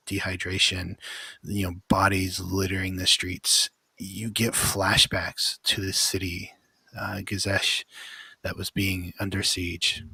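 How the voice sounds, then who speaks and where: A man narrating as game master of a tabletop game, setting dark scenes in a slow, dramatic way. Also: low-pitched, breathy edge, no room sound.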